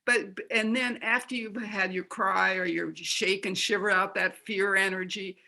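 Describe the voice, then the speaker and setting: A woman's voice: mid-range voice, fairly even intonation, measured pace, gravelly, bright, forceful tone. A woman who is an author, guesting on an interview and giving practical coaching tips step by step. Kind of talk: conversational interview.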